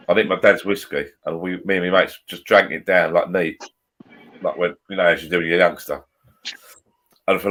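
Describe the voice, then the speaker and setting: A man's voice: deep voice, a bit bright. A man hosting a casual live stream chat, jokey and greeting viewers by name.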